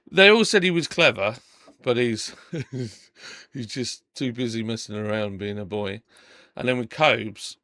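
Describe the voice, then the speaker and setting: Gravelly, bright-voiced man. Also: medium pitch, no echo, studio quality. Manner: laughs often, animated storytelling. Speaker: podcast co-host. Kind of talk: casual chat.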